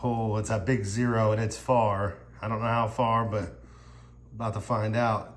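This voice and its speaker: Male vlogger, lower voice, overwhelmed and tearful, excitable exclaiming, echoey room, audible noise behind. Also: moderate pace. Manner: exclaiming, emotional, rambling, addressing viewers as y'all. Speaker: scratch-off ticket vlogger. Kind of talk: excited casual commentary.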